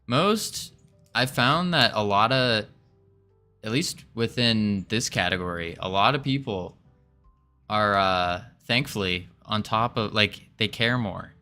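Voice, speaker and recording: A man's voice: lowish voice, takes it slowly, pushed and bright, faint music behind. A man streaming his game development, chatting casually and reading chat aloud, chuckling often as he rambles. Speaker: game dev livestreamer.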